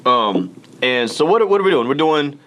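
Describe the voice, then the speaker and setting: A man's voice: a little high, sing-song, normal speed, a bit bright. A man hosting a casual radio chat while eating hot wings, laughing often and strained by the heat. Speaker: radio show host. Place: radio studio.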